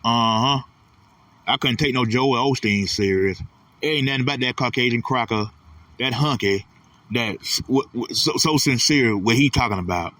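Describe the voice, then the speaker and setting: A man's voice: mid-range voice, normal speed, bright, forceful tone, no room sound, far from the mic. A man delivering a blunt, profane, repetitive casual ranting monologue as host of his own channel.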